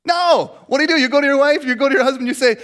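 A man's voice: very high voice, racing, fairly bright tone. A man in his forties from Minnesota, preaching a humorous sermon, joking and acting out little scenes as he goes.

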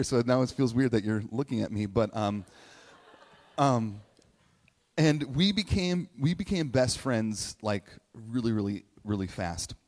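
A man telling a personal story in a sermon, chatty and animated, acting out quotes in playful voices. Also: mid-range voice. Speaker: speaker giving a message to a congregation. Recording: long hall reverb.

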